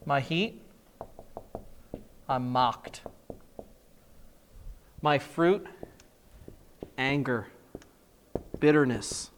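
A male preacher telling a personal story in a sermon, animated, with emphatic repetition. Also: mid-range voice, drawn-out words, long pauses, a little hiss or hum.

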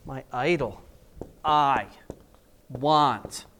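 A male preacher telling a personal story in a sermon, animated, with emphatic repetition. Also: mid-range voice, extremely slow, slight background noise.

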